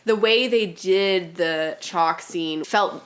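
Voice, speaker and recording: A woman's voice: lowish voice, slow. A woman co-hosting a podcast, talking casually about a film, filling her speech with "like". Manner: chatty, heavy use of "like", acts out quotes. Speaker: podcast co-host.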